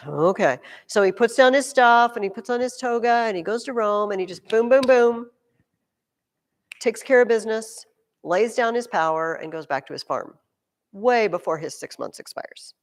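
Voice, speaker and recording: Woman, history teacher, animated storyteller, playful asides, reverberant room, middle pitch. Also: normal speed. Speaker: junior high history teacher. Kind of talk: classroom lecture. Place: classroom.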